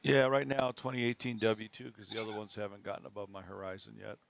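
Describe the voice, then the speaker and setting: A man's voice: fairly low pitch, little pitch movement, quick pace, gravelly, highs cut off. A man, an amateur astronomer, talking terse and matter-of-fact on a voice call. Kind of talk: casual chat over voice call.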